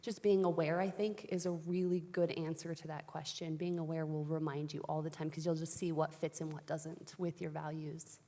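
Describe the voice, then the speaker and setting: A woman's voice: deep voice, level tone, moderate pace, hardly any pauses, warm tone. Reflective woman coach on a stage. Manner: reflective, conversational, many "right?" tags. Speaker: panelist coach. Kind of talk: panel discussion. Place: conference stage. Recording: reverberant hall.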